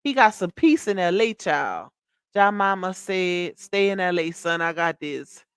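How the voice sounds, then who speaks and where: A woman's voice: lowish voice, expressive, measured pace, smooth, dry recording, studio quality. A woman hosting a casual gossip live stream, reading viewer comments aloud and answering them, emphatic and repetitive. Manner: chatty, emphatic, repeats herself, addresses viewers as y'all and child.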